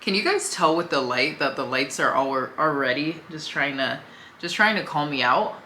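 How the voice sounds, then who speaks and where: A young woman chats her way through a makeup routine in a casual, easygoing way. Her voice sits low but comes across bright and clear. The room around her is echoey, with a faint hum underneath. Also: lively intonation, moderate pace. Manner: chatty, talks while applying makeup, easygoing. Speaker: beauty vlogger. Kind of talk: casual makeup tutorial chat.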